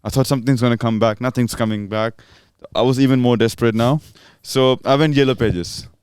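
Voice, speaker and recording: A laid-back young man swapping work stories on a podcast. His voice sits mid-range and sounds smooth and clear, with a dry, close recording. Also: mid-range voice, fairly even intonation, fairly quick, a little mellow, no room sound. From Australia. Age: young adult. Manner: laid-back, says "bro" a lot. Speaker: podcast co-host. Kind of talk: casual chat, storytelling.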